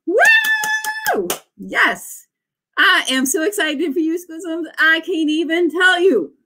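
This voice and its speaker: High, bright, bubbly woman in her forties. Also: slow pace. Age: 40s. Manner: bubbly, cheering viewers on with whoops. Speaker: author hosting writing sprints. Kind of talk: casual livestream chat.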